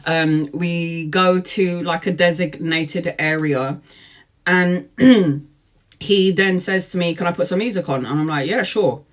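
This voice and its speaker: A woman in her forties telling a personal story, lively, laughing often and acting out what people said. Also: fairly low pitch, a little slow. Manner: lively, laughs often, acts out quoted speech. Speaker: tarot vlogger. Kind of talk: storytime chat.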